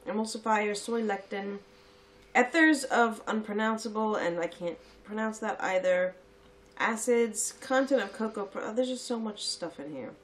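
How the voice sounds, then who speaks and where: A woman's voice: medium pitch, moderate pace. Chatty, giggly woman co-host. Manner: chatty and giggly, reads labels aloud. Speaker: co-host tasting sweets. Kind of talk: casual chat.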